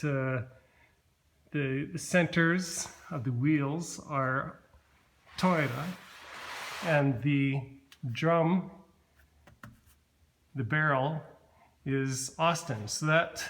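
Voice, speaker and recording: A man slowly walking through the work he did on his car, talking with many pauses and fillers. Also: a little high, a bit bright, a little hiss or hum, poor audio. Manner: slow, halting, many fillers and restarts. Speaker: car builder showing his car. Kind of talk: casual walkaround explanation.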